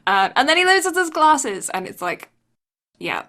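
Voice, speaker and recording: A woman's voice: sing-song, measured pace, pushed and bright. A woman co-hosting a podcast, earnestly talking through an anime's characters with fillers, raising her voice for quoted lines. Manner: earnest, uses fillers like "like" and "um", acts out quotes higher. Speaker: podcast co-host. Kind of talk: casual chat discussing an anime.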